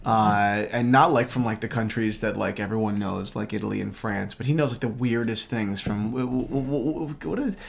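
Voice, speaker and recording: A man's voice: fairly low pitch, moderate pace, gravelly, hardly any pauses. A man hosting a casual podcast, telling a rambling story full of restarts and laughter. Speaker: podcast host. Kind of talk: casual chat.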